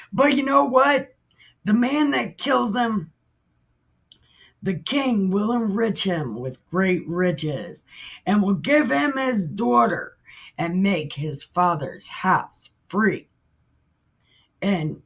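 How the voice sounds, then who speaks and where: A woman's voice: medium pitch, sing-song, slow pace, slightly rough. A woman retelling a Bible story in a casual, irreverent way, full of profanity and asides. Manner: profane, laughing, chatty.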